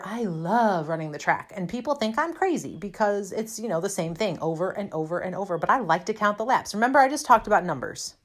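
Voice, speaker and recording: This woman, a fitness instructor from a cold and snowy city, shares a personal story chattily and self-deprecatingly, filling it with fillers. Her voice is lowish and a bit bright.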